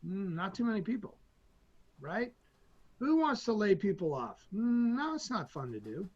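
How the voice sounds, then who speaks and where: A man as a podcast guest, telling motivational stories in an energetic, emphatic way and often checking in with "right?". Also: high-pitched, normal speed, slightly rough, highs cut off. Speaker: guest, entrepreneur. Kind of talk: animated motivational storytelling.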